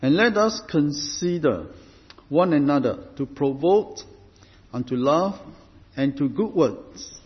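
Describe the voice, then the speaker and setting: Man, pastor's sermon, slightly high voice, deliberate repetition, dull lo-fi recording. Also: animated. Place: church. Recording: reverberant hall, dull lo-fi sound.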